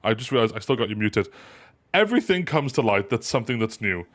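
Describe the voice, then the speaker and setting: Casual male stream host, animated and playful, loose rambling delivery. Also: on the low side, fast talker. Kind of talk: casual live stream chat.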